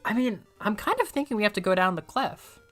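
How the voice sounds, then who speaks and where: A woman streamer chatting casually and excitably while she plays a video game, often joking at her own expense. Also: medium pitch, brisk, soft background music. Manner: chatty, excitable, self-deprecating. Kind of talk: casual gameplay commentary.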